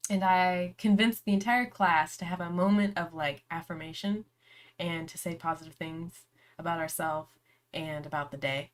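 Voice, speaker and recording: A woman's voice: fairly low pitch, fairly even intonation, normal speed. Giggly, rambling young woman vlogger. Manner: chatty and giggly, breaks into laughter often; rambling, with many "like" and "um" fillers. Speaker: book vlogger hosting reading sprints. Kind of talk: casual storytelling chat.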